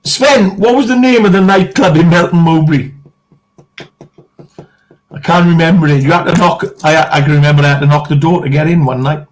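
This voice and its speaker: A man's voice: fairly high pitch, brisk. A middle-aged man from England co-hosting a casual chat, telling boisterous stories and swearing freely. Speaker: co-host.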